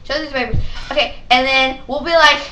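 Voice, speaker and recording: A young teenage girl rambles about school into a webcam, her high, bright voice full of "like" and quick impressions of teachers. The room sounds echoey. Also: steady tone, a little hiss or hum. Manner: rambling, lots of "like", quoting teachers. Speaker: student vlogger. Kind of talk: casual chat to webcam.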